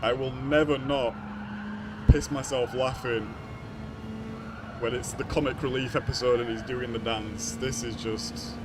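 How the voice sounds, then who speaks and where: A man's voice: medium pitch, steady tone, unhurried, long pauses. A young man chatting casually with his live-stream viewers, greeting them by name and laughing often. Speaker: racing game streamer. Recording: racing car game noise behind. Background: engine noise from the racing game.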